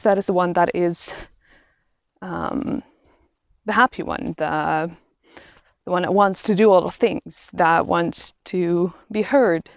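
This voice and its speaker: A woman talking through a reflective vlog while out on a quiet walk in nature, halting and thoughtful, often restarting her sentences. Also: fairly low pitch, no room sound. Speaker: vlogger. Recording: dull, slightly lo-fi sound.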